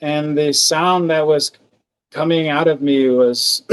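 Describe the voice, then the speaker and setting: Slow halting guy telling his story on a podcast, kinda high voice, lots of likes and restarts. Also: clean tone, rough recording. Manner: slow, halting, earnest, with many fillers and restarts. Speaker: podcast guest. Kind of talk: personal storytelling.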